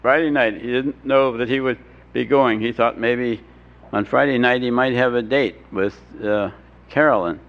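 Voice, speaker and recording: An older man with a creaky, mid-range voice tells an audience about his recovery at an ordinary pace, with dry humor throughout. He stumbles, restarts sentences, and acts out what other people said in their voices. The recording is dull and lo-fi, with a faint hiss.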